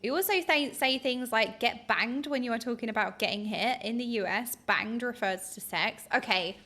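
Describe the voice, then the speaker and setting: A woman's voice: on the high side, normal speed, pushed and bright. A young British woman with a British accent chatting animatedly while streaming a game, bursting into laughs and mock outrage. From United Kingdom.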